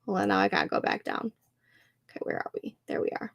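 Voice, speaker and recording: A woman's voice: mid-range voice, wildly swooping pitch, fast talker, creaky. A young woman hosting a writing livestream, chatting casually and laughing often as she reads out comments from viewers. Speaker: livestream host.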